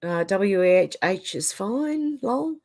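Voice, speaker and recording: A woman's voice: mid-range voice, lively intonation, slow pace, darkish tone. An Australian woman hosting a livestream, chatting casually and reading viewer comments aloud. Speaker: livestream host reading chat. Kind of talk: casual chat.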